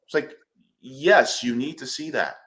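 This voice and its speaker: Man, panel discussion, emphatic, blunt, bright ringing voice, mid pitch. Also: expressive, unhurried. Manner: emphatic, blunt, swears freely.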